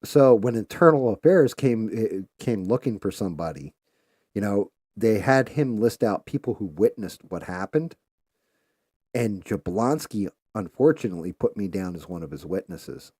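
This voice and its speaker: A man's voice: on the low side, normal speed, breathy edge, dry recording. A man hosting a live stream, telling a story in a loose, profane way with lots of filler words, and livening up when he quotes people. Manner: animated when quoting others. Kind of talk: casual storytelling while painting.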